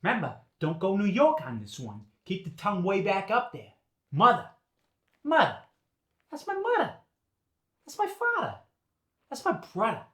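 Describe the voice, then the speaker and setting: Lively man with a Boston accent. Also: high-pitched, moderate pace, pauses often, roomy sound. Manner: lively, playful, stretches vowels for effect. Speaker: guest demonstrating a dialect. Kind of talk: accent demonstration.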